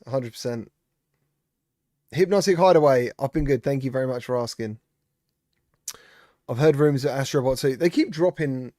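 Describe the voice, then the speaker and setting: A man's voice: mid-range voice, darkish tone, dry recording, studio quality. Chatty man greeting live-stream viewers. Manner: chatty, reads out viewer comments and greets them. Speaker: streamer host. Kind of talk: casual live-stream chat.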